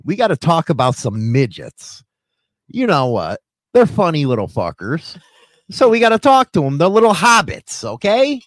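A male host telling profane stories in casual chat and reacting to clips, with loud bursts. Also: fairly high pitch, wildly swooping pitch, moderate pace, no room sound, studio quality. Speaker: podcast host.

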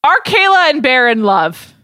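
A woman's voice: high voice, normal speed, no room sound. Chatty woman, dry close sound. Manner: chatty, animated, says "like" often. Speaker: podcast co-host. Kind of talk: casual chat.

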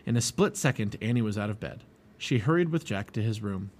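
A man reading a children's storybook aloud in an expressive, lively way. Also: lowish voice, fairly quick. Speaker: storybook reader.

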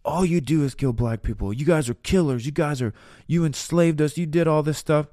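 A man acts out a crowd of furious young men yelling at officers in a high, strained voice. The delivery is hostile and loud, with a dry, close sound. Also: a little fast, no room sound, natural voice. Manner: shouting, hostile.

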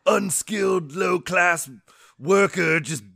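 A man putting on a haughty, proud warrior prince who rants and sneers loudly in a casual chat. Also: high-pitched, takes it slowly, creaky, no echo, soft background music, pitched above the performer's own voice, exaggerated voice. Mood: indignant ranting. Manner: loud, sneering, shouting boasts.

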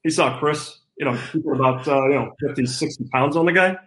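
A man's voice: a little high, a little fast, a bit bright, reverberant, natural voice. A man doing an impression of an older male football coach, talking in clipped phrases peppered with "you know" and "okay". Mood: wry.

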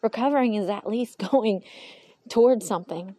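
A woman's voice: mid-range voice, moderate pace, warm tone, no echo. A woman hosting a personal podcast monologue into a phone, candid and rambling, often talking to herself aloud and speaking of her faith in God. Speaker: podcast host.

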